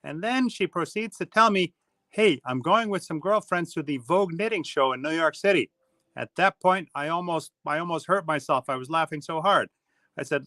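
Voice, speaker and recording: A middle-aged man co-hosting a casual live stream, telling animated stories and reading viewer comments aloud. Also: a little high, moderate pace, no room sound. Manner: animated storyteller, laughs often.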